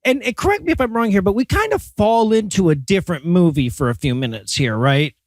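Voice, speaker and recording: High-voiced man joking through a movie recap. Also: animated, a little fast, no room sound. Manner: laughing, sarcastic retelling of scenes. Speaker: podcast co-host. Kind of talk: casual comedic movie review.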